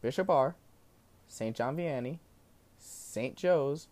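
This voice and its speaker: A man's voice: medium pitch, takes it slowly. A young man from New Jersey telling a story in a casual, profane rant that swings between outbursts and asides. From New Jersey, USA. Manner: profane, animated ranting.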